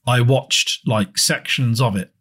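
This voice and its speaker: A man's voice: mid-range voice, slow, a bit bright, slightly rough. A man from England co-hosting a casual podcast, telling rambling stories and swearing freely. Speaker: podcast co-host. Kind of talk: casual chat.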